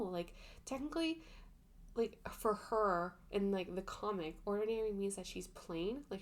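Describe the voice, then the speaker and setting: A young woman vlogger ranting casually about books, chatty and full of fillers and exasperated asides. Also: mid-range voice. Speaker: book vlogger. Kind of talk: casual book review rant.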